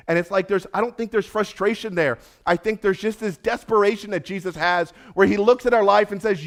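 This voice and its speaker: A male pastor delivering a sermon in a somewhat high voice. He is animated and urgent, dropping to near hushed tones and then rising again. He acts out the voices of the people in his story as he goes. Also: fairly quick, few pauses. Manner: animated, acts out voices of Jesus and Peter, swings from loud to hushed.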